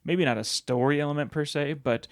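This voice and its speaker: A man's voice: a little high, a little fast, no room sound, clean studio sound. A man co-hosting a casual video game podcast, rambling and teasing his co-host. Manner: teasing, rambling, many fillers.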